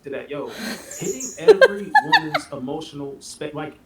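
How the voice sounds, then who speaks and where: A man's voice: fairly high pitch, huge pitch swings, moderate pace, a crowd in the background. A man speaking casually and emphatically in a heated panel debate.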